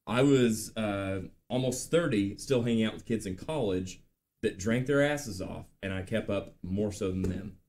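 A man in his late thirties hosting a live show, telling stories in a chatty, animated way with lots of ums and uhs. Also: lowish voice, moderate pace, a little hiss or hum. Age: late 30s. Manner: chatty, animated storytelling with filler words. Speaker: podcast host. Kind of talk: casual live-stream chat.

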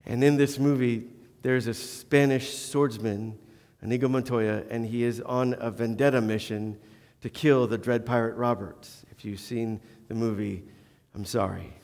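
A man's voice: medium pitch, fairly even intonation, unhurried, darkish tone. A male pastor preaching a sermon earnestly, with flashes of self-deprecating humor, in a church. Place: church sanctuary. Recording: long church-hall reverb.

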